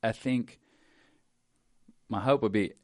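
A male pastor with a very low voice chats easily with a co-host, his tone relaxed and gently urging. The sound is close and dry, with no room echo. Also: slow. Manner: relaxed, conversational, gently exhorting. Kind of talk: casual podcast chat.

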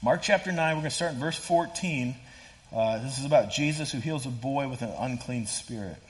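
Casual animated male preacher. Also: medium pitch, fairly quick. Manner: voices scripture quotes with rising intensity. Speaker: pastor. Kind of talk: sermon.

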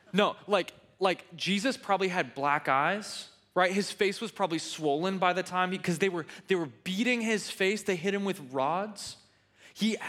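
A man preaching a sermon in an animated, conversational way with joking asides. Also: high-pitched. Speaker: pastor.

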